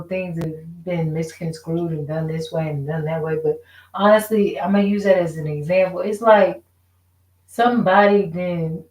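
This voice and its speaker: Woman ranting to her camera, cussing a lot, frustrated and rambling, asks a lot of why questions, echoey room. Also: on the low side. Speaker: vlogger. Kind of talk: casual rant to camera.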